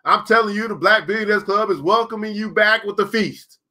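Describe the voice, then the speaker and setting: Reading viewer comments aloud, the host of a live crypto trading class talks casually and preachily. His voice sits high, bright and forceful, moving a little fast.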